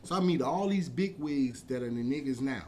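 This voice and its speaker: A man telling a long story in a casual chat, animated and profane, jumping from loud bursts to hushed asides. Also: medium pitch, brisk, slight background noise. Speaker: podcast guest telling a story.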